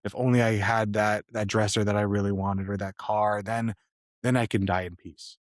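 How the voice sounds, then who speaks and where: A man co-hosting a podcast, talking in an earnest, measured and reflective way. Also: on the low side, flat delivery, dry recording, studio quality. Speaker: podcast co-host.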